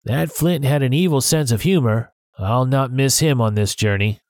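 A man voicing a fearful, superstitious male pirate with a gruff, uneasy delivery in a storybook reading. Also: medium pitch, normal speed, a little mellow, no echo, clean studio sound, close to an everyday voice.

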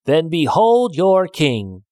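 A man voicing an exasperated farmer in a storybook reading, calling out loudly and slowly. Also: high voice, big pitch swings, no room sound, clean studio sound, pitched above the performer's own voice. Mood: shouting. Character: gruff, impatient old farmer.

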